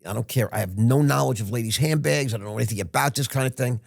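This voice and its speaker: A man's voice: medium pitch, quick pace, creaky, no room sound, studio quality. A man in his sixties, a podcast guest, telling a rambling, frank story with restarts and the odd curse word. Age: 60s. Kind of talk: casual interview storytelling.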